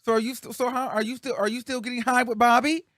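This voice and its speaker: A man's voice: very high voice, level tone, fast, a bit bright, no room sound, studio quality, voice pushed up. A man doing an impression of a nosy, playfully shady woman talk-show host who teases her guests with gossip. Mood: teasing. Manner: teasing, gossipy, sly.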